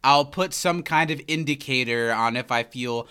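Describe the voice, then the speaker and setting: A man's voice: mid-range voice, normal speed, sharp tone, clean tone. A young man co-hosting a podcast, chatting casually with dry, joking remarks. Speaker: podcast co-host. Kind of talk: casual chat.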